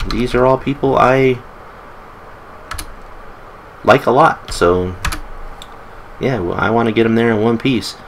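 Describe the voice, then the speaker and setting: A man's voice: on the low side, slight background noise, rough recording. A man giving casual gameplay commentary, chatty, with joking asides while reading game text aloud. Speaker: let's play host.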